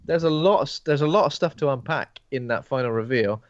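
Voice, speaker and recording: A man co-hosting a casual film podcast, telling the story with lively, acted-out reactions. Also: medium pitch, brisk, no echo. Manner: animated storyteller, acts out reactions. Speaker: podcast co-host. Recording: dry, muffled podcast mic.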